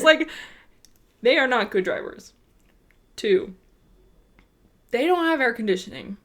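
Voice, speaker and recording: A woman in her twenties from Arizona, co-hosting a podcast and telling a story in a lively way, laughing often. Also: sits high. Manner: animated, laughs a lot while telling stories. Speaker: podcast co-host. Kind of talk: casual chat, storytelling.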